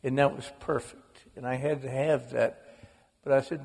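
A man in his sixties, an author telling wry, animated stories in an interview on stage before a live audience. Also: medium pitch, moderate pace, vocal fry, husky. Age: 60s. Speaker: author guest. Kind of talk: humorous storytelling interview. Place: onstage in a large auditorium. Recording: live auditorium echo.

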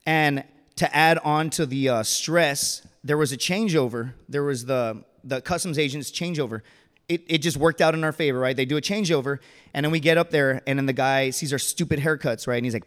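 A former Marine telling a casual, animated story at a live storytelling show, acting out the people in it. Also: male voice, medium pitch, brisk, long reverb tail. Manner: animated, casual, acts out voices.

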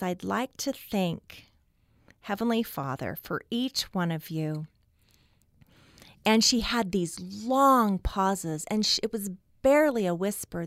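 A middle-aged woman telling a personal story as a radio guest, slow and reflective, with long pauses. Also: medium pitch, no room sound, clean studio sound. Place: radio studio.

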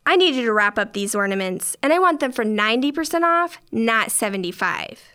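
This is a pampered, demanding rich woman, as a woman narrator puts her on, snapping at a cashier. The voice sits high and pushes hard, haughty and sneering as she insists on her way. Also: sing-song, a little fast, bright, forceful tone, clean tone. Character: entitled wealthy woman customer, rude and demanding.

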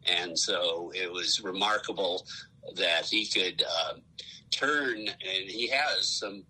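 Guest, a man with a very deep, husky voice and a forceful tone, talks slowly and halts often. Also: rough recording. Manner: slow, halting, searching for words. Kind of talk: casual chat.

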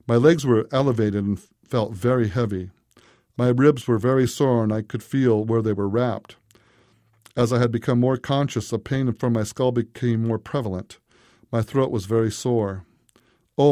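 A man narrating a first-person story in a steady, unhurried way. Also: medium pitch, dry recording, clean studio sound.

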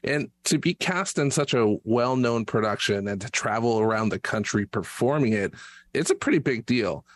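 A man's voice: medium pitch, expressive, normal speed. A man interviewing a young guest on the radio, asking friendly, curious questions.

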